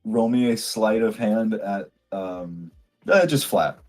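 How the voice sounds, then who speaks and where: A man's voice: lowish voice, expressive, slow, darkish tone. A man narrating as game master in a casual, chatty way, often laughing.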